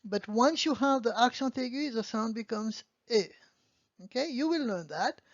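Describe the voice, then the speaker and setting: A woman's voice: fairly high pitch, expressive, moderate pace, dry recording. A woman teaching a beginner language lesson, patiently explaining and often checking in with "okay?". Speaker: French teacher. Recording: dull lo-fi dry sound.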